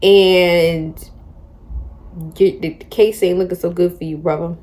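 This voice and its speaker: Young woman, book vlogger, warm mellow tone, slangy lively recap. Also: lowish voice, takes it slowly. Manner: chatty, slangy, animated retelling. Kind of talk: casual book discussion.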